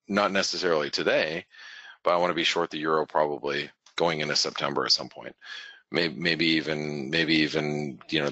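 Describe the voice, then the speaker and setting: A man's voice: a bass voice, bright, forceful tone, dry recording, highs cut off. A man hosting a webinar, giving casual live market commentary in a rambling way that keeps correcting itself and restarting. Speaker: forex market analyst, webinar host.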